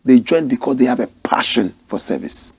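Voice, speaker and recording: A man's voice: mid-range voice, lively intonation, a little fast, creaky, husky, dry recording. A man from Ghana, telling a story and preaching opinions directly to his listeners. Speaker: commentator and host. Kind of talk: passionate storytelling commentary.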